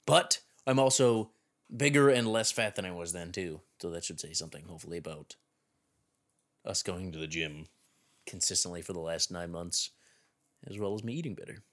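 A man co-hosting a podcast, chatting in a relaxed, matter-of-fact way. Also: low voice, moderate pace. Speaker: podcast co-host. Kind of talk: casual podcast chat.

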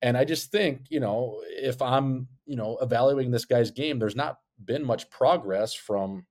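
A man's voice: mid-range voice, measured pace, darkish tone. A man telling a rambling story on a casual podcast, profane and joking. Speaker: podcast co-host, former hockey player. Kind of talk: casual chat. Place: Scottsdale.

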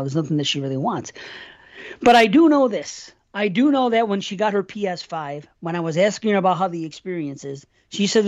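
A man's voice: high voice, animated, brisk. A middle-aged man from New York State co-hosting a podcast, telling long, profanity-filled stories in casual chat. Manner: rambling, profane storytelling. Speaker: podcast co-host. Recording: dull lo-fi podcast audio.

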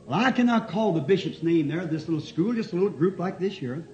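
A man preaching a folksy, fervent sermon and telling stories, with sudden shouts. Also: sits high, animated, a little fast. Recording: dull lo-fi old tape, faint music.

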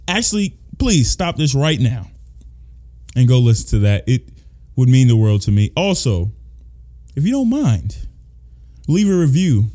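A high-energy male podcast host whose pitch jumps all over the place. His talk is casual and playful, full of hype and excitement.

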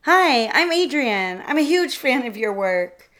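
Woman narrator playing an earnest, eager young bride, lifted higher and brighter. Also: big pitch swings, measured pace, heavily acted. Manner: eager, earnest, a bit pleading.

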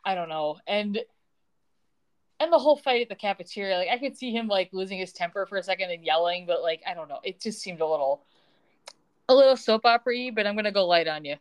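A woman's voice: mid-range voice, fast. A young woman co-hosting a podcast, chatting casually and retelling scenes in a sarcastic, quoting way. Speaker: podcast co-host. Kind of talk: casual recap chat.

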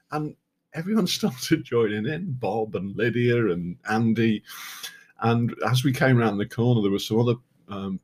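A man's voice: lowish voice, husky. A British man casually narrating his walking pilgrimage, chatty and self-deprecating, often restarting his sentences. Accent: British English. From Britain. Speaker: podcast host walking the Camino.

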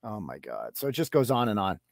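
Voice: medium pitch, very animated, brisk, creaky, dry recording, clean studio sound. A podcast host delivering a profane, mocking rant as commentary. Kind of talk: ranting commentary.

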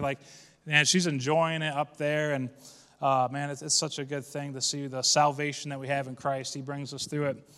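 A man's voice: a little high, level tone, moderate pace, fairly bright tone, long reverb tail. A man preaching a sermon as pastor, casual and folksy, building to fervent calls to his congregation.

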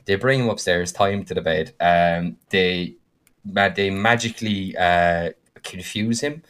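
A man with a fairly low voice tells a story from a tabletop game he ran. He talks casually and animatedly, full of fillers, and jumps up in pitch when excited. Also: clean tone. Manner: animated, with frequent fillers and quick bursts of higher pitch. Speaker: podcast co-host and game master.

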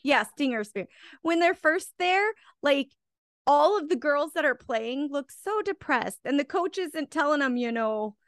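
A woman's voice: high voice, lively intonation, unhurried, no room sound. A woman co-hosting a casual movie-review chat, tipsy from drinking and correcting details in a dry, matter-of-fact way. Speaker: podcast co-host.

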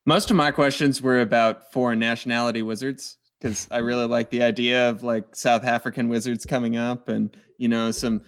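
A man's voice: medium pitch, flat delivery, normal speed, hardly any pauses, clean tone. A man in casual book club chat, joking wryly and swearing casually. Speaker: book club podcast member.

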